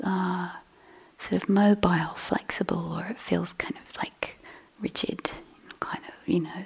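A woman meditation teacher giving a dharma talk in a soft, breathy voice that often drops to a whisper. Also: lowish voice, level tone, slow pace. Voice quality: husky, gravelly. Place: meditation hall.

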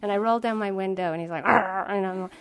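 A woman's voice: medium pitch, fast, clean tone. A middle-aged woman from Massachusetts, a meditation teacher giving a talk, telling a story in a chatty, self-mocking way with many asides.

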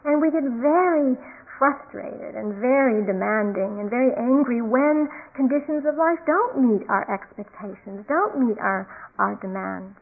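A woman meditation teacher giving a calm, reflective dharma talk, often repeating key phrases. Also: on the high side, a little slow, creaky. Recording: tinny phone-like recording.

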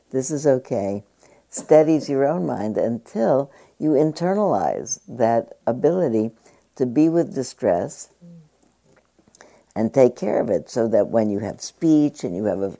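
A woman meditation teacher giving a dharma talk, speaking conversationally and pausing with fillers as she paraphrases a book. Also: very deep voice, creaky, dark tone.

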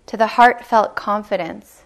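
A woman meditation teacher giving a dharma talk, telling a story slowly and gently, with soft pauses. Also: medium pitch, creaky. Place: retreat meditation hall.

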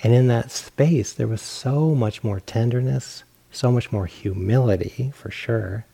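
A male meditation teacher tells a story during a dharma talk, poking fun at himself as he acts out his own thoughts. His voice sits at an ordinary pitch, with a gravelly, slightly husky edge. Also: a little slow, mellow.

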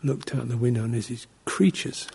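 Gravelly, husky-voiced monk giving a dharma talk. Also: male voice, medium pitch, fairly even intonation, a little fast. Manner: anecdotal and digressive, with soft laughs and short acted-out exclamations. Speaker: Buddhist monk teaching meditation.

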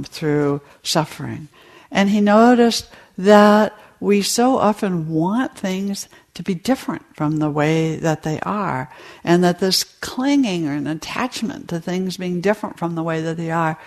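A woman meditation teacher giving a dharma talk to retreat participants, in a slow, storytelling delivery. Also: fairly low pitch, darkish tone.

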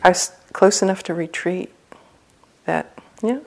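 A woman's voice: on the low side, a little slow, vocal fry, darkish tone, a little hiss or hum. A woman meditation teacher giving a dharma talk at a retreat center, telling a personal story in a humorous, loose, conversational way.

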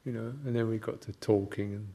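An older man, a Buddhist monk, giving a gentle, halting reflective talk with anecdotes and soft laughs. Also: on the low side, little pitch movement.

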